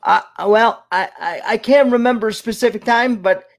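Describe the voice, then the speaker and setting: A man hosting an interview, who speaks haltingly, repeats his words and gets emotional at times. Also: high-pitched. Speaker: interview host. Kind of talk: casual interview chat.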